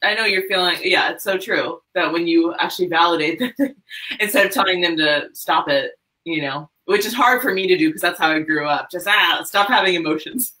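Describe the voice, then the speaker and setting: Friendly interview host, relaxed chat, bright tone. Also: mid-range voice, fairly quick, rough recording.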